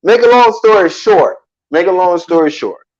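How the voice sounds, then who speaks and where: High-voiced man spinning a casual story. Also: normal speed, lo-fi sound. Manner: animated, acts out quoted lines loudly, salty slang.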